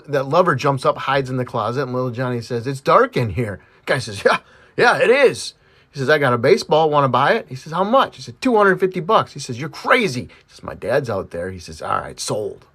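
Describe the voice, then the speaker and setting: Animated man telling dirty jokes. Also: mid-range voice. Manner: animated, acts out voices in jokes, laughs at own punchlines. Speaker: joke teller.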